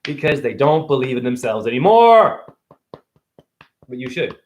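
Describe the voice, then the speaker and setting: A man in a rambling live-stream monologue, full of rhyming wordplay and sudden jumps in pitch and pace. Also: very animated, unhurried. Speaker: self-styled spiritual teacher streaming live.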